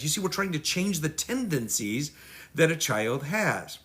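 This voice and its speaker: A middle-aged man giving a parenting lesson, acting out children and parents in quick voices. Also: a little high, sing-song, fairly bright tone. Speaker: parenting teacher. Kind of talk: teaching talk.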